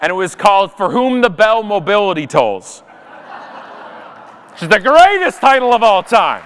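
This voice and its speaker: Man, sharp-witted keynote storyteller, high voice, long reverb of a big hall. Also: sing-song, moderate pace, slight background noise. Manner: sarcastic, punchy storytelling. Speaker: conference speaker. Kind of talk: comedic keynote talk. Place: large conference hall.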